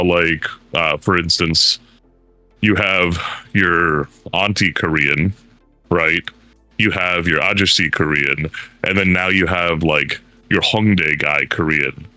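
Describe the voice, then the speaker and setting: A man's voice: sits low, takes it slowly, sharp tone, no echo, faint music behind. A man in a casual panel chat, rambling with many fillers and now and then mimicking others for laughs. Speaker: panel guest.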